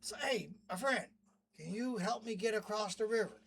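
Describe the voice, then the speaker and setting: A man's voice: high voice, animated, moderate pace, gravelly, a bit bright, a little hiss or hum, pitched above the performer's own voice, heavily acted. A man voicing a scorpion in a fable, wheedling and pleading for help across a river.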